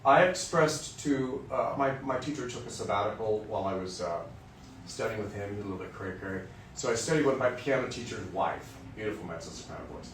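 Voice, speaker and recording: A man's voice: on the low side, expressive, fairly quick, slight background noise. Joking, candid male voice teacher lecturing. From Western Kansas. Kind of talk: lecture to music students. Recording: roomy sound from a distant mic.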